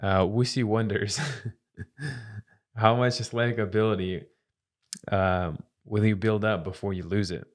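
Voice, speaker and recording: Male co-host, slightly low voice, reads a list of tips in a casual way. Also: fairly even intonation, unhurried, long pauses. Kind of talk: casual podcast chat.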